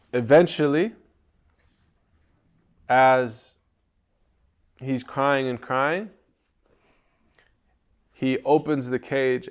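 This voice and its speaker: Soft-spoken guy teaching a story at a retreat, reflective, mid-pitched voice. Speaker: spiritual teacher. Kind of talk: storytelling lesson on poetry. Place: retreat gathering.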